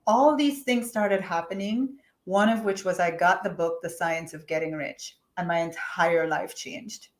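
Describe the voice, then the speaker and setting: A woman's voice: fairly low pitch, unhurried, hardly any pauses. A middle-aged woman guest telling her personal story candidly, acting out what she once said to herself. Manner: candid and animated, acts out her own past words. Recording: roomy echo.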